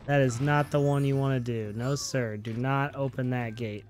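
A man's voice: medium pitch, fairly even intonation, normal speed, a little mellow, soft background music. A man hosting a gaming channel, giving upbeat, chatty let's-play commentary and talking playfully to his viewers.

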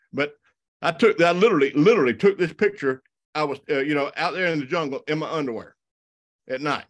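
Southern man, slightly high voice, folksy presenter who tells stories and stumbles over his words for a live audience. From South Alabama and North Florida. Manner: folksy, animated, many restarts and repeated words. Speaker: wildlife photographer giving a talk. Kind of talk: storytelling slide presentation.

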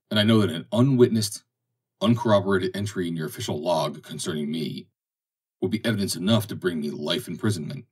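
A man's voice: low-pitched, husky, far from the mic. A man reading the lines of a defiant, hard-drinking, educated sailor, speaking with passion and indignation. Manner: impassioned, indignant. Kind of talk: audiobook dialogue reading.

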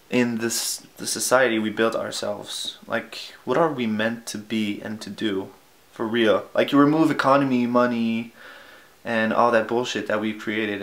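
Alone in his room at home, a young vlogger rambles through a casual vlog, his mid-range voice fairly bright in the echoey space. He's self-deprecating and keeps trailing off with fillers.

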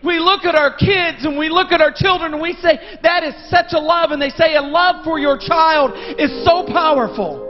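High-voiced fervent male preacher. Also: normal speed, few pauses. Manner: impassioned, rising to shouts. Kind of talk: fervent sermon and prayer. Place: church sanctuary. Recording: dull sound in a long-reverb church hall. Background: loud worship music.

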